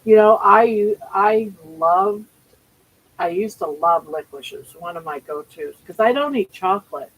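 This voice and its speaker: An older woman chats casually on a livestream from her home. She rambles easily and often restarts her sentences mid-thought. Her voice sits at an ordinary middle pitch. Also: unhurried, husky, poor audio. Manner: chatty and rambling, with frequent restarts. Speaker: livestream host. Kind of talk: casual live chat.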